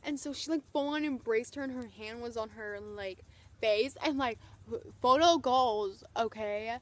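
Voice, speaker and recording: A young woman vlogging, telling an excited story in a gushing, breathless way, full of "like" and "oh my gosh". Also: a little high, normal speed.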